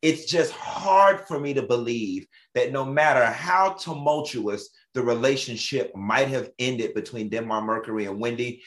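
A male co-host chatting on a talk show. He tells stories with a lively, animated delivery and laughs often. His voice sits at an ordinary middle pitch. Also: normal speed, few pauses. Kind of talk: casual chat.

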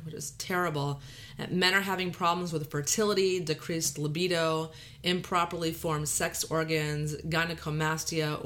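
A woman podcast host with a Texan drawl under a Valley Girl lilt. Her voice is bright, sitting a little low for a woman. She chats casually, pokes fun at herself and laughs often. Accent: Texan drawl mixed with Californian Valley Girl. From Texas. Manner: chatty and self-deprecating, laughs often.

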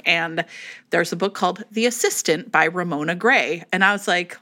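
A woman co-hosting a casual chat podcast, retelling a book's plot in an animated, chatty way. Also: lowish voice, brisk. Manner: chatty, animated storytelling with acted quotes. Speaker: podcast co-host. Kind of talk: casual chat about romance novels.

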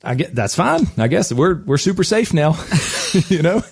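Animated man telling a radio story. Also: a little high, moderate pace, creaky. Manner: lively anecdote telling with frequent laughs. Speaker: radio show host.

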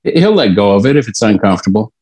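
A man's voice: fairly low pitch, very animated, fast, a little mellow, husky. A man co-hosting a podcast, chatting in an easygoing way and laughing along as he gives parenting advice. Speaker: podcast co-host. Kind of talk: casual chat.

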